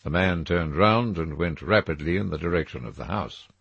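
A man reading a classic novel aloud in expressive, measured scripted narration. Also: deep voice, creaky, breathy edge, no echo, muffled recording. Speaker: audiobook reader.

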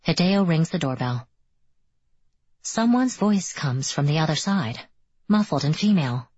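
Low, husky woman narrating an audiobook. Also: lively intonation, a little mellow, no echo. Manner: measured, descriptive storytelling. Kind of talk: first-person scripted audiobook narration. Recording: dull, dry studio recording.

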